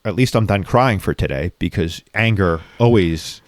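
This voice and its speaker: A man with a lowish voice tells a painful personal story in frank, unguarded conversation. He is reflective and swears freely. His voice sits close and dry on the mic, with no room sound. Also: normal speed, no echo. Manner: raw, reflective, frequently profane.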